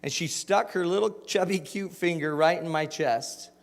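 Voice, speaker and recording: Man, forties, motivational speaker, jokey storytelling, lively voice, fairly high, long hall reverb. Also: moderate pace, vocal fry. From Utah. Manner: animated, jokey, asks the audience questions. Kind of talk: storytelling keynote talk.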